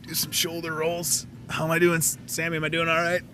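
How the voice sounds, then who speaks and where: Male host, casual deal rundown, self-mocking jokes, bright forceful tone. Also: a little high, completely flat delivery, brisk, a little hiss or hum. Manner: goofy and chatty, jokes at himself. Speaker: host of a store talk show. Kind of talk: casual talk-show ad rundown.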